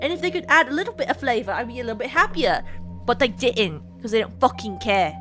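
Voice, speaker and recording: A young woman rants and swears constantly while streaming a game, sounding fed up. Her voice is a little high with big pitch swings, she talks fast, and game music plays in the background.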